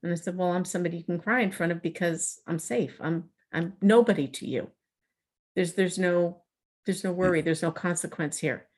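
A middle-aged woman telling a personal story in a conversational interview, lively and acting out the dialogue she quotes. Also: fairly low pitch, moderate pace. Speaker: guest.

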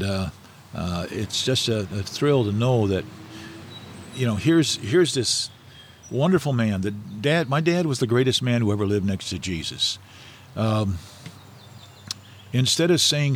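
A man's voice: mid-range voice, animated, a little slow, slight background noise. A middle-aged man, a guest in an interview, telling stories in a rambling, anecdotal way with many fillers and restarts. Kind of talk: casual storytelling interview.

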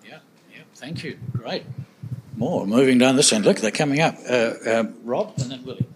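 Man, church group leader, brisk and encouraging, mid-pitched voice, faint background noise. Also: animated. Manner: encouraging, brisk, calls on people by name. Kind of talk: leading a group Bible discussion.

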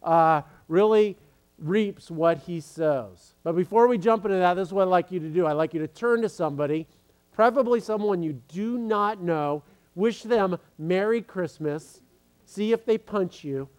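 A man's voice: high-pitched, normal speed, a little mellow. A man preaching as pastor to his congregation in a casual, joking way, with many fillers and restarts.

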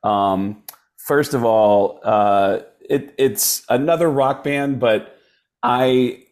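A man's voice: mid-range voice, very slow. A stand-up comedian telling a story in casual chat, jumping into voices as he goes. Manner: animated storyteller who slips into voices. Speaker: comedian guest.

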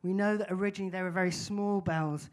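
A man's voice: sits high, fairly even intonation, quick pace. A man, giving a wry, musing storytelling talk. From England. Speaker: speaker.

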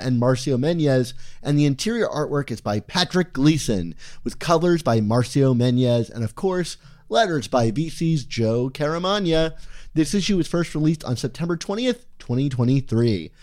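A man's voice: medium pitch, animated, moderate pace, darkish tone. A man co-hosting a fan podcast, chatting in a playful, wordy, self-deprecating way, his S sounds a little heavy. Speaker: podcast co-host. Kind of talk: casual podcast chat.

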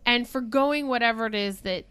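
A woman's voice: fairly high pitch, a little fast, clean tone, no echo. A woman co-hosting a casual movie discussion podcast, talking with enthusiasm. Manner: enthusiastic, animated. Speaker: podcast co-host.

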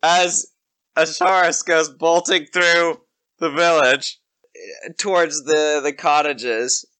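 An easygoing game master narrates a tabletop game. The voice sits in a middle pitch, and the delivery is loose and amused. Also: fairly even intonation, slow pace, pushed and bright.

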